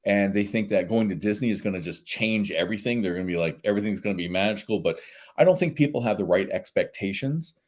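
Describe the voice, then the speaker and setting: A man guest in a casual interview, telling lively anecdotes and laughing often. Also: on the low side, fast talker. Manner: animated storyteller, laughs often.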